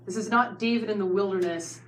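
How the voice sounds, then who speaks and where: A woman teaching a Bible study class, telling the story with lively asides to her students, in a roomy space with faint noise. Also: mid-range voice, brisk.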